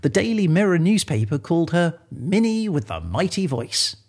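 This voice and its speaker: A man co-hosting a chat show, explaining a topic in a lively, storytelling way. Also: fairly high pitch, moderate pace, husky. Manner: lively, animated storytelling with laughs. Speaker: podcast co-host.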